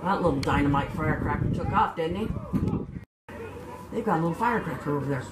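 Excited older woman cheering a game. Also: sits low, fast, pauses often. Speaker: sideline commentator. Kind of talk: casual sideline chat. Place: outdoor football game sidelines. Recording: roomy, distant, noisy outdoor recording.

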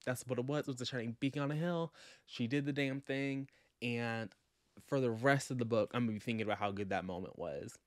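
A man recapping a book for his vlog in a casual, animated, sassy way, acting out quotes as he goes. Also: medium pitch, fairly quick, no echo, studio quality. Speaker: book vlogger.

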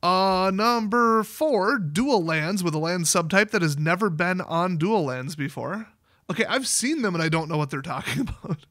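A man casually commenting on card game previews, chatty and excitable, laughing often. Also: high voice, normal speed, dry recording, clean studio sound.

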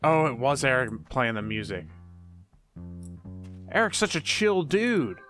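A man plays a horror game and comments as he goes, goofy and talking to himself. His voice is bright, his pitch swings widely, and soft game music plays behind him. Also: sing-song, a little slow. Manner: goofy, talks to himself, exclaims often. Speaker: gamer. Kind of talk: let's play commentary.

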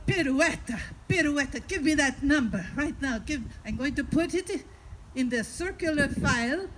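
A woman plays a gruff husband who barks orders and brushes off trouble. The voice is high and slow-paced, heard through a noisy live recording. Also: lively intonation. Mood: brusque.

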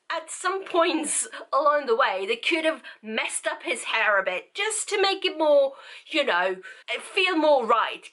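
A woman's voice: high-pitched, pushed and bright. A woman book vlogger chatting casually to camera, rambling and self-interrupting as she talks.

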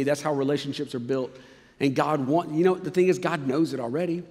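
A male pastor giving a sermon in a conversational, emphatic way, dropping suddenly quiet at times. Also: a little high, steady tone, fairly quick, long reverb tail. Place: church sanctuary.

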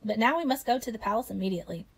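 A woman reading as a calm fairy queen. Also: on the high side, racing, breathy edge.

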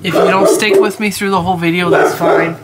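A woman's voice: on the low side, fairly even intonation, brisk, a loud crowd. A tired middle-aged woman chatting casually to camera at home, rambling with many restarts and sounding worn out. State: exhausted and teary. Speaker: crochet channel host.

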